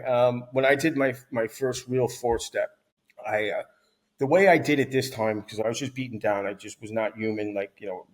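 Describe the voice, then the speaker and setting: Husky, blunt man in his thirties. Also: mid-range voice, low-quality recording. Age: 30s. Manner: blunt, profane, rambling with restarts. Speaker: podcast guest. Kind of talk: candid recovery story.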